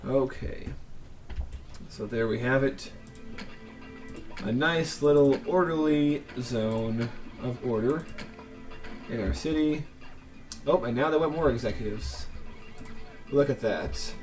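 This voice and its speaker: A man's voice: mid-range voice, slow, long pauses, faint music behind. A man hosting a let's play, casually commenting on his gameplay with chatty, joking asides.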